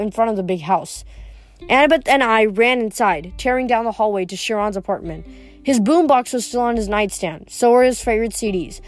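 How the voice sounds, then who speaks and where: Woman reading a chapter book aloud, unpolished, slightly high voice, soft music underneath. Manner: plain reading with small slips and restarts. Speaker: reader.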